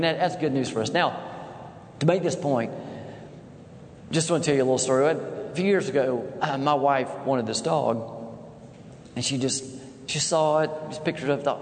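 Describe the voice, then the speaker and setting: A man in his fifties preaches a sermon, telling stories in a folksy, animated way. His voice sits a little high for a man. It rings out in a large hall with a long echo and faint room noise behind. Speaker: pastor. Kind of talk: sermon with humorous storytelling. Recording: echoey hall with faint ambience.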